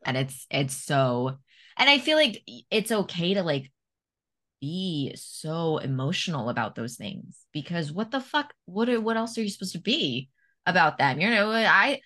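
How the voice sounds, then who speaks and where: Woman host, low-pitched, bright tone, candid and emphatic, casual swearing. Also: big pitch swings, measured pace. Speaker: podcast host. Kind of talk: casual conversation.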